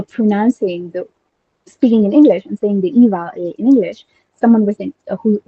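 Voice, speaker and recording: Speaking in a husky, medium-pitched voice, a young native Urdu speaker chats eagerly about linguistics, full of fillers and restarts as she thinks out loud. The sound is lo-fi with no room sound.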